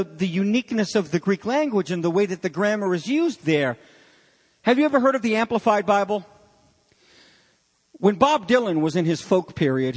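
A man preaching a sermon as pastor, animated and joking with his congregation. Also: high-pitched. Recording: long hall reverb.

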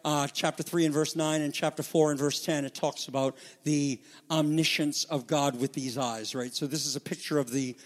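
A man preaching a sermon to a congregation, asking them questions, building to loud, high emphasis and then dropping soft. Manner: asks the congregation rhetorical questions. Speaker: pastor. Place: church sanctuary. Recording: reverberant hall.

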